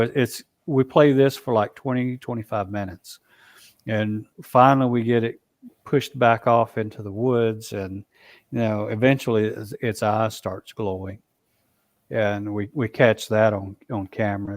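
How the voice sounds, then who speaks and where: A man telling a long story in a casual, halting way, full of fillers and restarts. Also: fairly low pitch, steady tone, dry recording, studio quality. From Alabama, US. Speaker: Bigfoot researcher guest.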